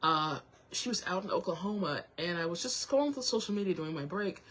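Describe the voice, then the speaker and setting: A young woman hosting her own show, talking to viewers while close to tears, halting with many restarts and apologies. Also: on the low side, animated, a bit bright, slight background noise. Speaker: show host. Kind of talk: emotional personal talk to viewers.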